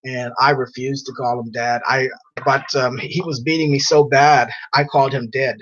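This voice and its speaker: A man's voice: mid-range voice, little pitch movement, normal speed, a bit bright. A man hosting a casual chat, reading out viewer comments and rambling through personal stories, laughing often. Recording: dull lo-fi sound.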